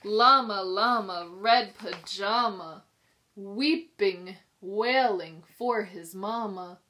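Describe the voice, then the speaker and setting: Female preschool teacher for a picture-book read-aloud; slow, sing-song, bright and lively with the kids. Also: mid-range voice. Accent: New York. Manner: slow, sing-song, expressive reading with questions to children. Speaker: pre-K teacher reading aloud. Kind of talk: children's storybook read-aloud.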